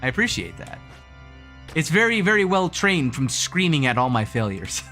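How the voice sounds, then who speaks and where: Lively, bright-voiced young man streaming a game. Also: on the high side, normal speed, soft background music. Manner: chatty and self-mocking, laughs often, reads chat aloud; counts jump timing aloud in a rhythmic sing-song. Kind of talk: casual gaming livestream chat.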